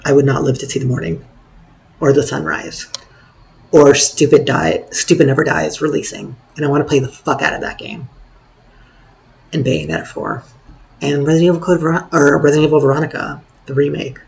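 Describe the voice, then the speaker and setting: A hoarse young man rambling through a personal story in a wry, self-deprecating way. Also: fairly high pitch, brisk. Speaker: vlogger.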